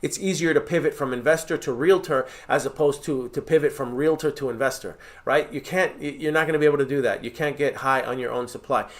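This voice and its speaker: A man's voice: mid-range voice, fast, hardly any pauses. A man giving direct, emphatic coaching advice as a real estate mentor, often checking in with "right?" and "okay?". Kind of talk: coaching talk to camera.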